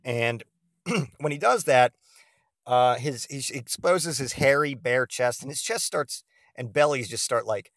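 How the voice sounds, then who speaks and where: A man's voice: medium pitch, unhurried, fairly bright tone, no room sound, clean studio sound. A man hosting a podcast, telling a comedic story in a rambling, profane way full of fillers. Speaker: podcast host.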